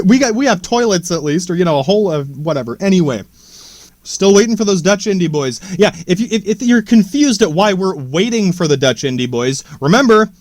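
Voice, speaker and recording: A man's voice: high-pitched, dry recording, clean studio sound. A young man hosting a podcast, riffing on a movie in a meandering, profane way full of restarts and asides. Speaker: podcast host. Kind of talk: rambling commentary on a movie.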